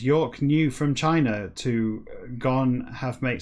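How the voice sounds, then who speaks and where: Guy doing a solo comedy podcast, medium pitch, keeps going off on tangents and putting himself down, reads stuff out slow and choppy. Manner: rambling and self-deprecating, with frequent digressions; reads text haltingly, word by word. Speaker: podcast host. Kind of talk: rambling comedic solo podcast with a read-aloud text.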